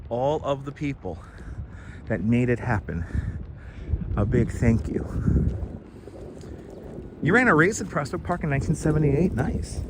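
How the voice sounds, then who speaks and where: Chatty middle-aged New streamer outdoors. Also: male voice, mid-range voice, slight background noise. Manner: chatty, reads out and thanks chat viewers. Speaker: live streamer. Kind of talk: casual live-stream chat. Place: outdoors in a city park, riding a bike. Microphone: wireless lapel mic.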